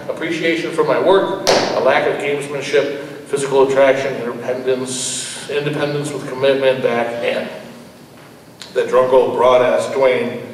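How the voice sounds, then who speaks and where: A man reading his own fiction aloud at a live event, lifting his pitch for the characters' dialogue. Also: a little hiss or hum. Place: large ballroom. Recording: echoey hall from far off.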